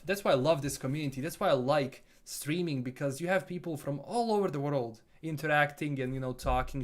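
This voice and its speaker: Speaking in a mid-range voice with a Bosnian accent, a man from Bosnia goes through viewers' comments on his live stream. He reads each one out loud and answers it in a relaxed way.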